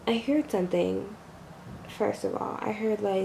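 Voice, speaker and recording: Telling a story in a casual vlog, this young woman rambles with heavy use of "like," other fillers and some swearing. Her mid-range voice is gravelly and mellow, steady and measured, captured by a camera mic in poor audio with slight background noise.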